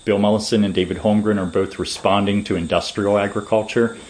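A man giving long, measured, lecturing answers as a permaculture designer in an interview. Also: lowish voice, steady tone, darkish tone, a little hiss or hum, low-quality recording.

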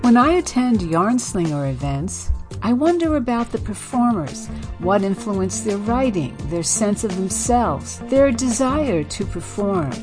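A woman hosting a radio interview show, asking her guest questions in a measured, friendly way. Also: mid-range voice, big pitch swings, music in the background. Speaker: radio host.

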